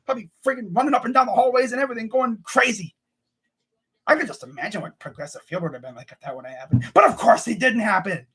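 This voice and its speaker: A young man runs his own sports channel and rants casually about his team. His voice sits fairly high and has a husky, breathy grain. He stumbles and repeats himself as the frustration spills out. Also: lively intonation, fast talker, a bit bright. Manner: ranting, exasperated, repeats himself.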